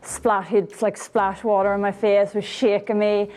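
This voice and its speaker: A woman telling a story in a deadpan way. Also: mid-range voice, a little slow. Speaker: interviewee.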